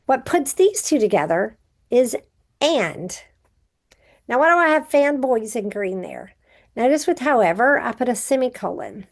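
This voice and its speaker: A woman teacher records a grammar review for students. Her voice sits a little high with a gravelly fry, and she explains patiently, one step at a time. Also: sing-song, a little slow.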